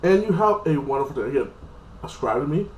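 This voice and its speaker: A man's voice: a little high, lively intonation, quick pace, slight background noise. A man giving a casual spoken review, rambling loosely with lots of fillers and restarts. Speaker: TV episode reviewer. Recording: echoey room.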